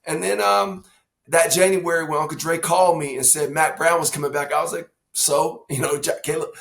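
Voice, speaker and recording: A man's voice: fairly high pitch, fairly quick, creaky. A man, telling family stories on a podcast and acting out quotes. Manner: animated storyteller, acts out quotes. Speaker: father of the hosts, former coach. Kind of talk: casual family podcast storytelling.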